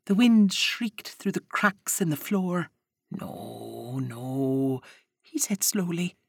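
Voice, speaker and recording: Brief: woman storyteller, unhurried and soft, close dry recording. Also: medium pitch, husky, no room sound. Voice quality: soft and measured, acting out dialogue. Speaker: narrator. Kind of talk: first-person storybook narration.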